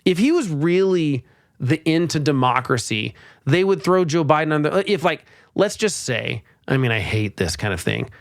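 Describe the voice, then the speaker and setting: A man hosting a podcast, giving exasperated, animated political commentary with sarcastic mock quotes. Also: a little high, normal speed, no room sound, clean studio sound. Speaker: podcast host.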